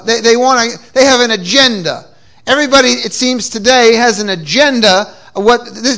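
A man's voice: very high-pitched, a bit bright. A man preaching a sermon with call-and-response cues and frequent repeated restarts, from New England. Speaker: pastor. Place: church.

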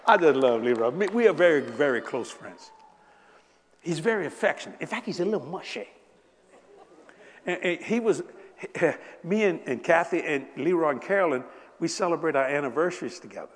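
Animated older man preaching in a hall. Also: on the high side, normal speed. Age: 70s. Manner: animated, laughing, bursts of shouting. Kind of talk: sermon with personal storytelling. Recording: echoey hall.

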